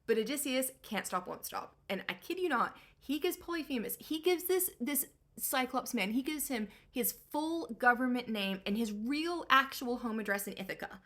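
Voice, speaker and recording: A woman's voice: a little high, lively intonation, normal speed, fairly bright tone. A young woman giving a comedic book recap in a breezy, slangy, irreverent way.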